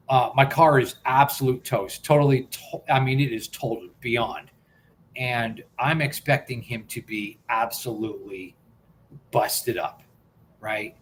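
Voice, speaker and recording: A man's voice: medium pitch, a little hiss or hum. Earnest man telling a story. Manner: earnest, repeats words as he builds a story. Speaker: host. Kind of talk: personal storytelling on a talk stream.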